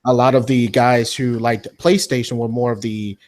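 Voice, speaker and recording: Animated man mocking others in a podcast. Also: medium pitch, moderate pace. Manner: animated, slips into mocking impressions. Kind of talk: casual podcast chat.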